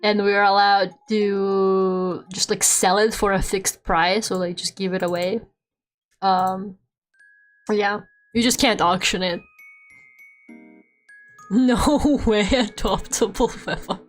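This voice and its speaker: A young woman with a Russian accent chatting on a live stream at home, animated, laughing often and swearing freely. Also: medium pitch, slow pace, pauses often, faint music behind. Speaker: VTuber streamer. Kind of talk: casual live-stream chat while drawing. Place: home room.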